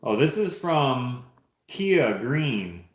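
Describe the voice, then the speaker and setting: A man's voice: medium pitch, very animated, drawn-out words. A man hosting a casual livestream, reading chat aloud and opening gifts in an easygoing, joking way. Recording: roomy echo.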